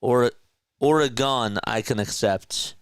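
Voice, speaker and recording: A man with a South Jersey accent calling a basketball game as a casual live-stream play-by-play commentator, chatty and quick to correct himself. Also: fairly high pitch, a bit bright, clean tone, no echo, studio quality. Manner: chatty, laughs easily, corrects himself mid-call.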